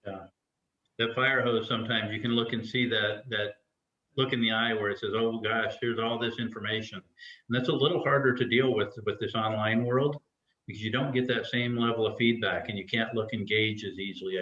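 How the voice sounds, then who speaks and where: A man facilitating an online faculty workshop. He speaks in a relaxed way and keeps prompting others with questions. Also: on the low side, moderate pace. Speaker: discussion facilitator. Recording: echoey, slightly dull video-call audio.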